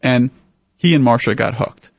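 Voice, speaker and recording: Gravelly-voiced man telling stories. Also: moderate pace, no room sound. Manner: animated, voices the people in his stories with raised pitch. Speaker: author being interviewed. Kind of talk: storytelling in a radio interview.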